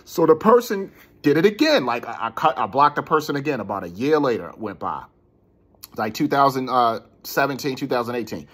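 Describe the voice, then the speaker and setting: Husky, animated man telling a story. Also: medium pitch, brisk. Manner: animated, gets worked up, repeats words. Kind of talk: casual personal storytelling.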